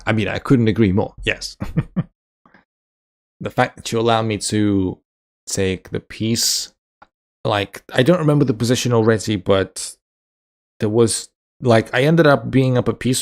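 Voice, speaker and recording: A man's voice: on the low side, gravelly. A man casually chatting on a live stream, reading viewer comments aloud, joking and laughing often. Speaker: chess streamer.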